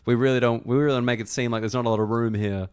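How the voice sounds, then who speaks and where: An Australian man hosts a casual comedy podcast. His voice is smooth and clear at a middling pitch, and he keeps things joking and ironic, laughing often. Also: steady tone, racing, darkish tone.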